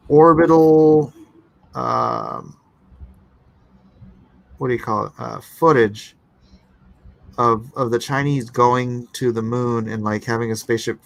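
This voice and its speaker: A man's voice: medium pitch, gravelly, a bit bright, no echo. A man hosting a casual livestream, reading chat comments aloud and answering them with rambling, sarcastic talk and frequent laughter. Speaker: livestream host and artist.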